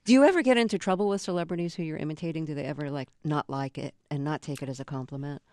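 A woman hosting a radio interview, asking questions in a measured, gentle way. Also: deep voice.

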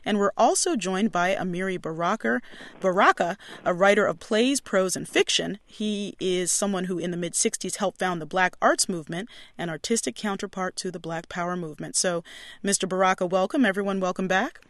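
A man's voice: sits high, brisk, a bit bright, no echo. A man interviewing a guest on the radio, reading scripted introductions and asking direct questions.

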